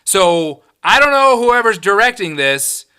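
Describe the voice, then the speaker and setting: A man's voice: high-pitched, very animated, a little slow, sharp tone, clean tone. A man hosting his own podcast, ranting in a heated, profane and emphatic way. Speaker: podcast host. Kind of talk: solo podcast rant.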